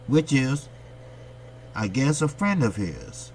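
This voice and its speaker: A man from the United States rants about boxing straight to his viewers in a blunt, salty way, answering his own questions as he goes. His voice sits at an ordinary middle pitch. A faint hum runs under the recording. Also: sing-song, slow pace, darkish tone. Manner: blunt, profane, ranting delivery. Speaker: boxing channel host. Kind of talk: opinionated boxing commentary monologue.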